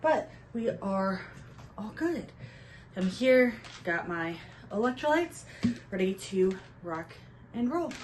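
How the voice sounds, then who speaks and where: A woman's voice: mid-range voice, sing-song, slow pace, pauses often, a little hiss or hum, poor audio. A young woman hosting a casual book chat at home, upbeat and a little out of breath after the gym. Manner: chatty and upbeat. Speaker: booktube host.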